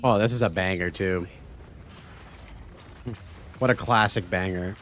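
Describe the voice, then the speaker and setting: A man's voice: deep voice, a little slow, fairly bright tone, slight background noise. A man from Canada streaming a game, chatting casually with his viewers and swearing freely. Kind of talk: casual livestream chat.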